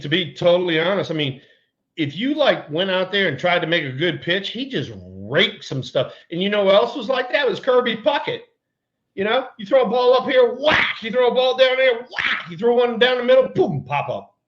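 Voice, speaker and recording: A man's voice: sits high, moderate pace, highs cut off. A man co-hosting a casual baseball chat, telling stories with lots of laughter and energy. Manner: animated storyteller, laughs often. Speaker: co-host, former ballplayer.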